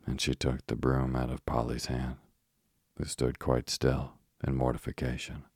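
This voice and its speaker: A man narrating a bedtime story in a calm, even way. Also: rumbling low, measured pace, gravelly, husky, dry recording, clean studio sound.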